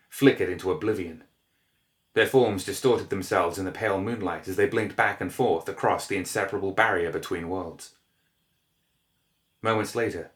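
Low-voiced man reading a story. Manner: measured, descriptive reading. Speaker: narrator. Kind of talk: scripted narration.

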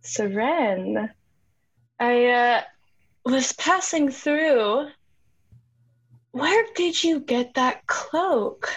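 A woman's voice: high voice, lively intonation, drawn-out words, pauses often, husky. A woman playing a tabletop game who speaks in a flirtatious, teasing way, recorded on a slightly muffled mic. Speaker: player.

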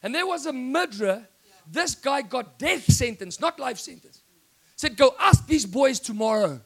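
A man with a South African accent preaching an excitable sermon, often breaking into shouts. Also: extremely high pitch, unhurried.

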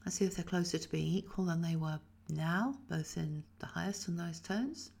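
A woman who is a voice teacher, calmly guiding a voice exercise and demonstrating the sounds herself. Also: fairly low pitch, normal speed, gravelly, slightly rough. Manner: calm, instructive, demonstrates sounds. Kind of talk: guided voice exercise.

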